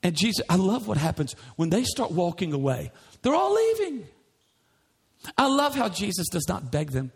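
A man's voice: high-pitched, huge pitch swings, normal speed, creaky. A male pastor preaching a sermon in a church, emphatic, with many repeated rhetorical questions.

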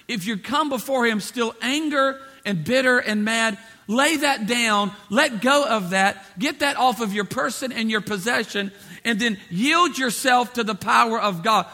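A pastor with a high, bright voice delivers a sermon at an unhurried pace. He drives his points home through repeated phrases and drifts into acting out quotes from the people he talks about.

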